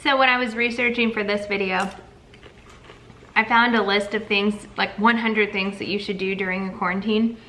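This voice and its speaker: A woman's voice: medium pitch, fairly even intonation, normal speed, pushed and bright, low-quality recording. A young woman co-hosting a casual chat, talkative and upbeat. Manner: chatty and upbeat. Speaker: co-host.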